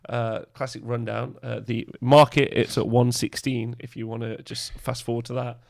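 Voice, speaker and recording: A man with a gravelly, fry-laden voice chats his way through a podcast as its host. He talks loosely and casually, with plenty of uhs and little laughs between his points. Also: mid-range voice, level tone, moderate pace, a little mellow. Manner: rambling, lots of filler uhs and laughs. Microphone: podcast microphone.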